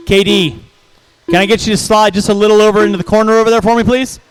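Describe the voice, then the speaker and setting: A man calling a hobby race over the track speakers, brisk and jokey, reeling off driver names in quick runs. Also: high voice, fairly even intonation, slight background noise, rough recording. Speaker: race announcer. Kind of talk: live race commentary.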